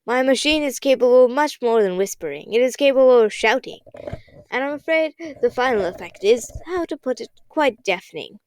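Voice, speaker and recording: A woman's voice: on the high side, lively intonation, fairly quick, slight background noise, close to an everyday voice. Woman putting on a smug cackling villain. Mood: gloating. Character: gloating villainous older man inventor.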